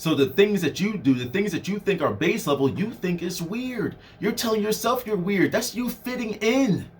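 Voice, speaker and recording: A young motivational speaker addresses his listeners directly in a loose, chatty monologue full of fillers. His high voice bounces through a wide range, dropping low and lifting again for effect, at a moderate pace with slight background noise.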